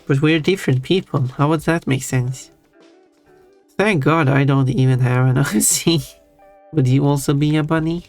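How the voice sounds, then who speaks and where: His slightly high voice moves at a normal speed as he hangs out with his live chat, joking teasingly and chuckling often. Faint, soft background music runs beneath the stream.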